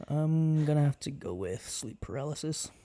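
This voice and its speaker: A man's voice: on the high side, moderate pace. A laid-back young man, a college student, chatting casually as a podcast guest. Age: young adult. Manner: laid-back, relaxed storytelling. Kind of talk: casual chat.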